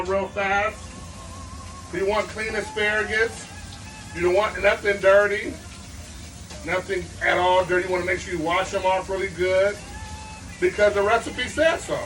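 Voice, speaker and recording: A man's voice: sits high, fairly bright tone. A man hosting a comic cooking show, rambling playfully with asides while he chops vegetables.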